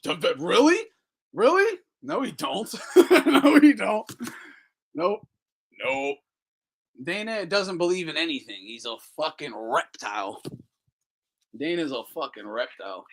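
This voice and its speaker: Lively high-voiced mocking man. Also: measured pace, pauses often. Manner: profane, laughs often, mocking. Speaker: host. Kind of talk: casual live commentary.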